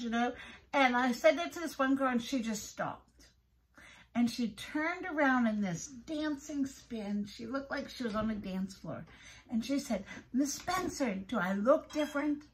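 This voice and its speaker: A woman's voice: high voice, poor audio. A middle-aged woman giving an earnest, heartfelt devotional talk as a prayer podcast host, often repeating herself.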